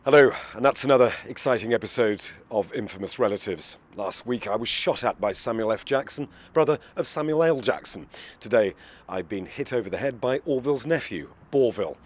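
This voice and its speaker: An English man hosting a spoof talk show, flustered and repeating himself as he tries to calm his guests. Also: medium pitch, a little fast.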